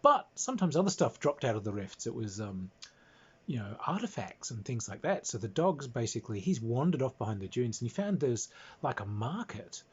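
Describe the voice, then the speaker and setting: A man's voice: mid-range voice, very animated, brisk, slightly rough. A man casually recounting a tabletop game in an amused, rambling way, chuckling as he goes. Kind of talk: casual anecdote. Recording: dull lo-fi recording.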